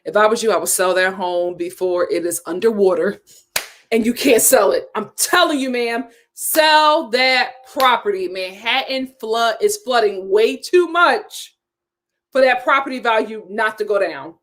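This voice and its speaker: A woman hosts a relaxed live-stream chat show. Her voice sits at an ordinary middle pitch. She talks in a loose, emphatic way, reads viewer comments aloud and says her key lines twice or three times over. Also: moderate pace, slight background noise. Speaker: host of a reality TV chat stream.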